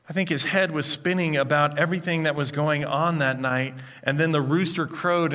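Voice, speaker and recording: A man preaching a sermon, retelling a scene in an animated storytelling manner. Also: fairly high pitch. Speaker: pastor.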